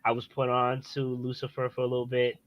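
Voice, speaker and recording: A man's voice: mid-range voice, monotone, brisk, no room sound, dull audio. A man co-hosting a casual podcast, rambling loosely through his thoughts. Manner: rambling, full of fillers. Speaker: podcast co-host. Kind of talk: casual chat.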